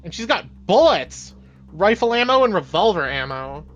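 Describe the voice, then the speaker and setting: High-voiced excitable male streamer. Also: normal speed, muffled recording, soft background music. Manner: excitable, swears, reads game lines in put-on British voices. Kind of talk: let's-play commentary, reading game dialogue aloud.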